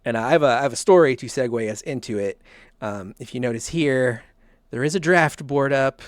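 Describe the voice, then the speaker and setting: A man's voice: mid-range voice, a little fast, dry recording, clean studio sound. A man from the South, hosting a casual podcast and telling rambling stories with frequent chuckles. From American South. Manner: rambling storyteller, chuckles often. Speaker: podcast host.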